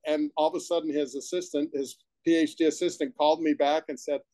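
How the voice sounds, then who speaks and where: Mellow-voiced man telling a rambling story. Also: a little high, little pitch movement, fairly quick, no echo. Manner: rambling, enthusiastic, with restarts and asides. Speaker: supplement company founder, guest. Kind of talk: casual interview storytelling. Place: his own room at home.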